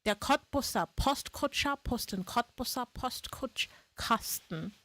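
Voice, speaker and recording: A woman's voice: on the high side, animated, slow, sharp tone, no echo. A woman streaming live in casual chat, playful, laughing often and swearing freely.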